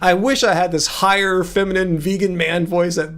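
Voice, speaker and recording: A man from Southern California with a laid-back SoCal accent, hosting a casual livestream and answering chat with a loose, filler-heavy delivery and lots of emphasis. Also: normal speed. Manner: lively pitch swings, emphasizes words by jumping up. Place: room with musical instruments.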